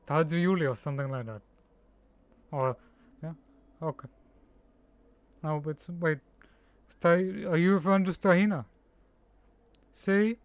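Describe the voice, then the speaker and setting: A man streaming a strategy game, speaking slowly and haltingly with a slightly high voice. He sounds out hard names bit by bit and laughs at his own slips. The sound is clear, close and dry. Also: no room sound. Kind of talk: casual live-stream chat.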